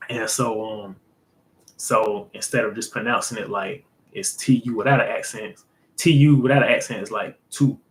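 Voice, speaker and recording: A man hosting a casual language lesson, explaining in a loose, rambling way full of fillers and an occasional "boom" to wrap up a point. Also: steady tone, moderate pace, poor audio. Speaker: host.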